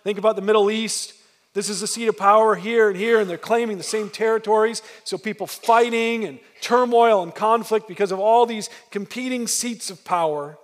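A man's voice: high voice, normal speed, long reverb tail. A man preaching a sermon as pastor, telling a story with emphasis and frequent restarts.

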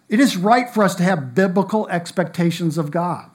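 Earnest higher-voiced male preacher. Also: expressive, normal speed. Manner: earnest preaching with emphatic rises and soft drops. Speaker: pastor. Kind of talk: sermon.

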